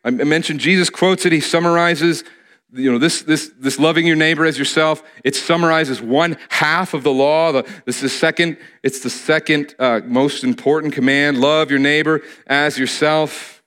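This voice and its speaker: A man's voice: on the high side, steady tone, moderate pace, a bit bright. Earnest male preacher. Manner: earnest, repeats key phrases for emphasis. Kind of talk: sermon.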